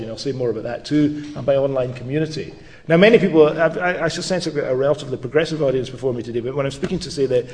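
A man's voice: medium pitch, darkish tone. A middle-aged man, a law professor, giving a public lecture with wry, dry humour and occasional restarts. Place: lecture hall with audience. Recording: long reverb of a lecture hall.

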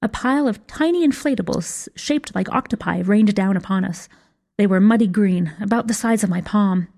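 A woman's voice: mid-range voice, moderate pace, warm tone. Wry woman narrating a story. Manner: wry first-person storytelling. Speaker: story reader. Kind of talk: scripted fiction narration.

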